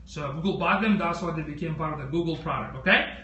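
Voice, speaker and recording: Quick-paced and forceful, a man with a bright, squeaky voice hosts an informal live stream showcasing tech products, chatting with viewers and asking lots of questions directly. The audio has its highs cut off and slight background noise.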